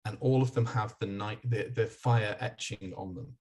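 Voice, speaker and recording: A man narrating as game master of a tabletop game, halting and restarting as he describes the scene. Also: lowish voice, steady tone, a little mellow. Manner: halting, with many restarts and fillers while describing.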